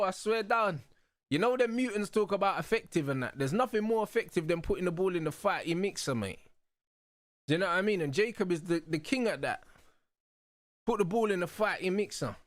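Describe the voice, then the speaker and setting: A young man hosting a live football watch-along, talking excitedly in heavy slang and laughing loudly. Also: on the high side, no echo. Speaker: host.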